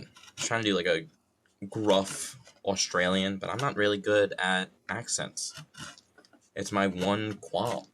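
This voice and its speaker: Male streamer from New York, low voice, unhurried drawl, rambling and self-mocking. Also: fairly even intonation, fairly bright tone, a little hiss or hum. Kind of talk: casual rambling stream chat.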